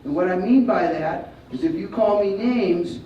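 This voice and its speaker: A male martial arts instructor leading a school assembly, giving loud commands and calling for the kids to repeat after him. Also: high voice, normal speed, a little hiss or hum. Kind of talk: school assembly talk with call-and-response. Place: large school hall or gym. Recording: echoey hall, distant, dull sound, faint crowd.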